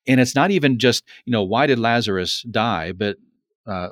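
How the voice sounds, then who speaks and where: A man's voice: mid-range voice, animated, moderate pace, a bit bright, dry recording, studio quality. A man in a conversational Bible discussion, speaking in an earnest, reflective way and repeating words for emphasis. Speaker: Bible teacher.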